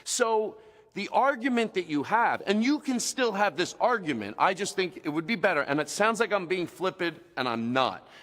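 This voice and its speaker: A man's voice: high voice, very animated, normal speed, fairly bright tone. Mock-angry man ranting in a reverberant space. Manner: mock-angry, rambling, emphatic. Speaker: comedian guest. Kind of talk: comedic rant to camera.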